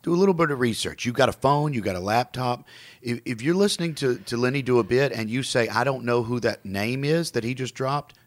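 A comedian hosting a casual podcast chat, animated and laughing often, acting out quotes. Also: male voice, mid-range voice, fairly quick.

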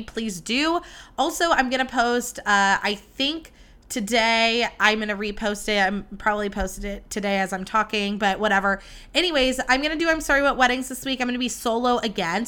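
Bright, animated young woman podcast host. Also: on the high side, clear, resonant tone. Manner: animated, gushing, dramatic, talks to listeners directly. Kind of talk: solo casual podcast chat.

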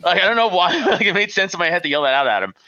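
High, bright man telling rowdy stories. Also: racing, dry recording, highs cut off. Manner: animated storyteller, laughs often, swears. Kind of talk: casual chat.

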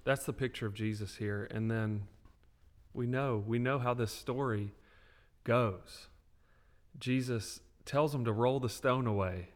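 A man co-hosting a faith podcast, talking with animated, preacher-like emphasis. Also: medium pitch, a little slow. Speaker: podcast co-host.

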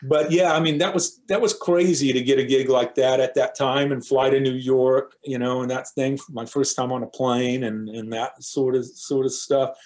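A man's voice: medium pitch, fairly even intonation, moderate pace, few pauses, darkish tone. A man in his fifties, a guest musician, talking casually and rambling with lots of filler phrases. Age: 50s. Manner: rambling, leans on 'you know' fillers. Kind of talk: casual interview chat.

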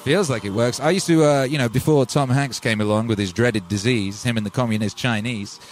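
A man from England hosting a livestream, telling stories in a rambling, animated way with many asides. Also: mid-range voice, a little fast, faint music behind. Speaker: livestream host and music producer. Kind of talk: casual storytelling on a stream.

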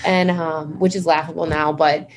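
A woman's voice: deep voice, flat delivery, normal speed, slight background noise. A woman guest in a casual interview, a nurse and founder, who tells stories in a chatty way, saying "like" often and acting out her own reactions. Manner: chatty storyteller, many "like"s, acts out her own past reactions. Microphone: video call.

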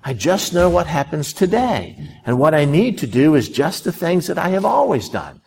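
A man preaching a sermon, retelling a scripture story with lively rises and sudden drops in his voice. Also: a little high, moderate pace, creaky, husky.

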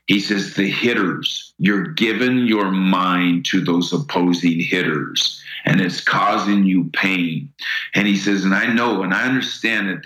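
A man's voice: sits low, bright, forceful tone, roomy sound, low-quality recording. A middle-aged man telling an earnest personal story as an interview guest, often repeating words as he starts a sentence.

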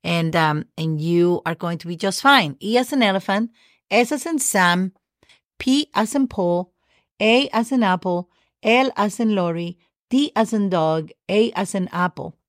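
Slow, patient woman teaching Spanish. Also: mid-range voice, expressive, no room sound, studio quality. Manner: slow, patient, spells words letter by letter; checks in often with "okay?" and "right?". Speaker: Spanish teacher and podcast host. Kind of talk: podcast language lesson.

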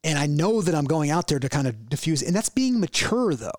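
A man's voice: fairly high pitch, very animated, a little fast, a little mellow, no room sound, clean studio sound. A man co-hosting a casual talk, explaining ideas earnestly with everyday examples and frequent restarts. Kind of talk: casual conversational chat.

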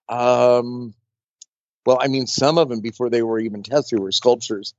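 A man's voice: mid-range voice, steady tone, a little slow, a little mellow, no echo. Chatty rambling man, dull dry sound. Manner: chatty, rambling, full of fillers and restarts. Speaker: makeup artist guest. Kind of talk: casual storytelling interview.

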